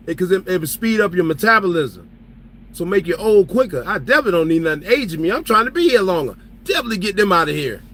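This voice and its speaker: A man's voice: high-pitched, animated, fast talker, a bit bright, poor audio. A man who drives trucks, telling stories in loose casual chat, joking and laughing as he talks. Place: truck cab.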